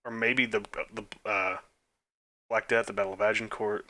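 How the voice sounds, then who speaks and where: A man's voice: lowish voice, little pitch movement, normal speed, sharp tone. A young man casually thinking aloud as he plays trivia quizzes, muttering answers and making self-deprecating, chatty asides. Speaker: quiz game let's player.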